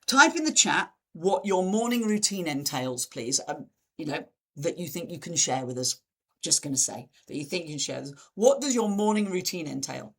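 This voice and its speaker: A woman's voice: moderate pace, husky. A woman giving a live online talk as presenter, over a video call, acting out quoted reactions with big sudden jumps in voice. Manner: lively, acts out dramatic quotes with big pitch jumps. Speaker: webinar presenter.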